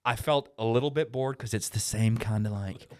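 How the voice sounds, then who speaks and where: Lower-voiced man telling stories. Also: normal speed. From Canada. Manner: animated storyteller, acts out quotes and laughs. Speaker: guest comedian and actor. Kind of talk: casual podcast chat.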